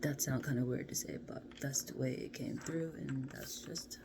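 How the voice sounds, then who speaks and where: Low-voiced woman doing a playful card reading. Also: normal speed, vocal fry. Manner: playful, chatty, drifts into soft half-whispers. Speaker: card reader. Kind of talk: casual card-reading vlog. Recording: steady background noise.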